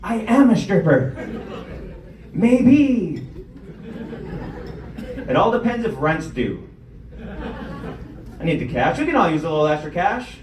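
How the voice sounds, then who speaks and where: A man's voice: on the high side, sing-song, unhurried, long pauses, reverberant, recorded from a distance, some chatter behind, slight background noise, low-quality recording. A young man hosting a comedy show and doing stand-up, telling self-deprecating stories with acted-out quotes. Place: comedy club stage.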